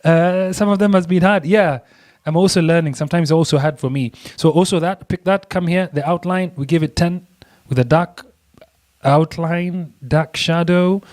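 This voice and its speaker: Excitable man teaching a design tutorial. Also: a little high, normal speed. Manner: excitable, chatty, laughs often. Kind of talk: screen-recorded software tutorial.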